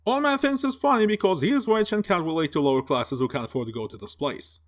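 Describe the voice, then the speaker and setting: A man's voice: on the high side, fast. A man giving a sarcastic, profane film review rant, mocking and exasperated as he picks apart the plot. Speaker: movie reviewer.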